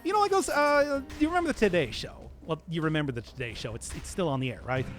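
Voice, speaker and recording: This Midwestern man is streaming a game and rambling to chat in a fast, loose, animated way, laughing often. His high voice swoops all over the place, and music plays in the background.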